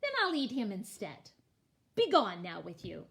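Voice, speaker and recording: A woman voicing a greedy, hungry male troll who roars and growls loudly in a storybook reading. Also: wildly swooping pitch, unhurried, gravelly, heavy background noise, exaggerated voice. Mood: roaring greedy. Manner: roaring, growling, booming loud.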